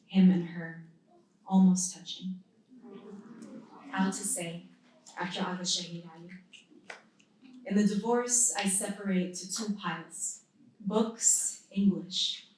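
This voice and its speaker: A woman in her thirties from the United States, reading her own poetry at a live event with measured, deliberate phrasing and pauses between lines. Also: on the low side, a little mellow. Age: 30s. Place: indoor literary event venue. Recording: very echoey room, voice from a distance.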